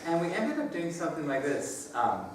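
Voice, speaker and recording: A man's voice: a little high, big pitch swings, a little fast, slight background noise. Man teaching choir in a reverberant hall. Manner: demonstrates by singing phrases, leads group echo singing; upbeat, laughs often while explaining. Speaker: choral clinician. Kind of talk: music workshop teaching. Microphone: distant room mic. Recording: echoey hall recorded from far off.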